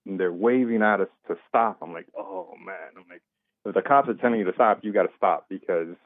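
A man's voice: lowish voice, no echo. A man telling a long personal story as an interview guest, in a casual way, acting out what people said. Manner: animated retelling, acts out quoted voices. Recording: dry tinny phone-like line.

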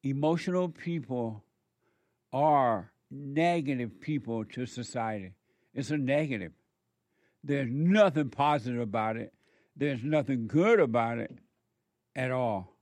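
A man giving a moralizing monologue in a slow, emphatic way, repeating words for stress. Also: medium pitch, a little mellow, no room sound.

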